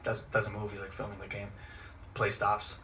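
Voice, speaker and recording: A young man casually telling a story as a vlog host, animated and acting out quotes with sudden shouts. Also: fairly low pitch, moderate pace. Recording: voice from some distance, faint noise.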